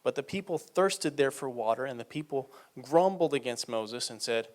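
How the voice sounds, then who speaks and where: A man delivers a sermon at medium pitch, reading scripture aloud and unpacking it conversationally. He's animated, slowing down and raising his volume to stress key points.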